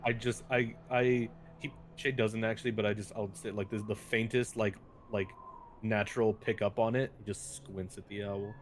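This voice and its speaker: A man's voice: on the low side, level tone, moderate pace, slight background noise. A man playing a tabletop game, talking in a hesitant, chuckling way with many restarts. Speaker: player. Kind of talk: casual tabletop play.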